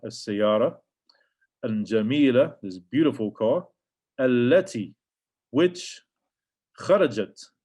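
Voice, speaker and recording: A man's voice: mid-range voice, a little mellow. Patient man teaching Arabic grammar. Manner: patient, repeats words, reads Arabic sentences aloud then translates. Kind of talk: casual grammar lesson explaining textbook examples.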